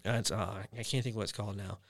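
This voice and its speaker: A man's voice: on the low side, steady tone, fast talker. A young man hosting a podcast, talking about his faith in a rambling way, full of fillers and restarts. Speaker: podcast host. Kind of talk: casual faith chat.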